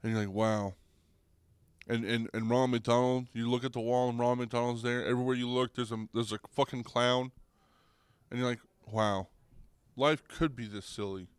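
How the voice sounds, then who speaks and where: A young man hosting a podcast, ranting comedically with lots of swearing and restarts, getting louder and higher when worked up. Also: level tone, fairly quick, clear, resonant tone, dry recording. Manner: rambling, profane, restarts, goes loud and high when riled. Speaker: podcast host. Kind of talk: comedic rant.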